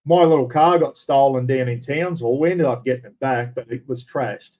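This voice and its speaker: A man's voice: medium pitch, a little fast, dark tone. An Australian man hosting a casual livestream, answering viewers in a blunt, rambling way with casual swearing. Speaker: livestream host.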